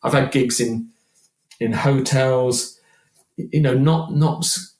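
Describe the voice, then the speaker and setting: A man in his sixties, a singer guesting on a podcast, talking in an animated, chatty way and often repeating words. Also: medium pitch, takes it slowly. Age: 60s. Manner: animated, chatty, repeats words while acting out quoted voices. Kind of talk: casual podcast conversation. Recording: roomy echo.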